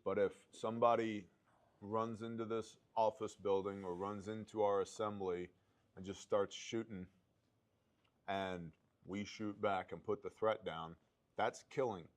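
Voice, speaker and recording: A man's voice: lowish voice, level tone, unhurried. A man talking in a blunt, profane way, telling a personal story in casual conversation.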